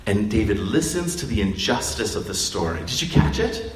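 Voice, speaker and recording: A man preaching a sermon in a conversational, animated storytelling manner, acting out quotes. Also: lowish voice, normal speed, slight background noise. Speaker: pastor. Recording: roomy hall, distant mic, faint ambience.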